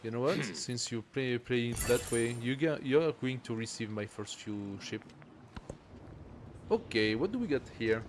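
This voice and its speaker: A man's voice: medium pitch, expressive, measured pace, a little hiss or hum. A man streaming a strategy game, thinking aloud and reading game text as he plays. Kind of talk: casual live gameplay commentary.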